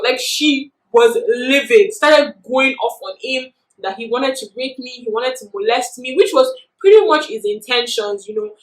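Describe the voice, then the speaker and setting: A woman's voice: fairly high pitch, normal speed, few pauses. Chatty Nigerian woman, echoey room. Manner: animated, chatty, with many "you know" fillers. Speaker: vlogger. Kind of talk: casual storytelling.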